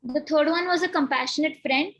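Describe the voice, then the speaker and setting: An acting student explains her character choices. Her voice is high and clear. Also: brisk, highs cut off. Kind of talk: class discussion.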